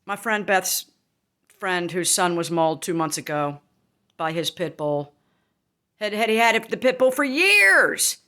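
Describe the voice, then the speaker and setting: A woman ranting angrily and emphatically to her audience, swearing freely and breaking into sudden shouts. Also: fairly low pitch, very animated, unhurried. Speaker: vlogger. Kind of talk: angry rant to camera.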